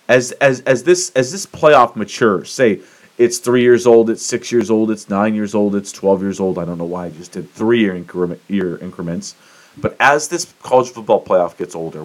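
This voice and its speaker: A man's voice: on the low side, moderate pace. A man hosting a solo podcast, ranting in a fired-up, profane way about sports and politics. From United States. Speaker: podcast host. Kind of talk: solo opinion monologue.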